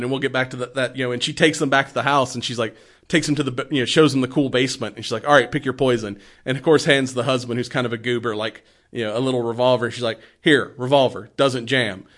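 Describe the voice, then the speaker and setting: A man's voice: mid-range voice, fast, fairly bright tone. A man in casual chat, retelling a movie in a rambling way, laughing often and swearing freely.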